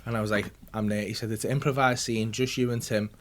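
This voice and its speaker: With a lowish voice and a quick delivery, this podcast host and comedian spins a sweary tale in front of a live studio crowd, acting out everyone else's lines. Slight background noise is present.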